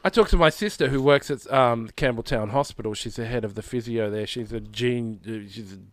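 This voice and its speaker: A man's voice: medium pitch, brisk, dry recording, studio quality. A male filmmaker chatting casually as a podcast guest, full of fillers and "you know what I mean".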